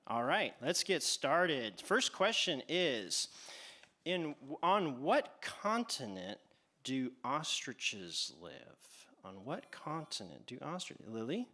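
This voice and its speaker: A man hosting a playful animal quiz for children on a church stage, teasing and drawing out his questions. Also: medium pitch. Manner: animated, teasing, exaggerated pauses. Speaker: quiz host at a church kids' event.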